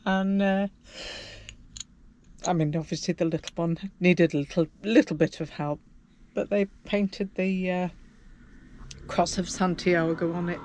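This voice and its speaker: A woman's voice: lowish voice, fairly even intonation, a little slow, long pauses, darkish tone, slight background noise. An older woman chatting casually to camera while walking outdoors on a pilgrimage trail, rambling with many fillers. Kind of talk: casual walking vlog chat. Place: outdoors on country paths.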